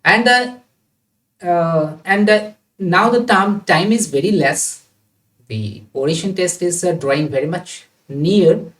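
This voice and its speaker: A man, a tutor giving feedback in a class, speaking haltingly with many filler pauses. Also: high voice, a bit bright. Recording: roomy, distant from the mic.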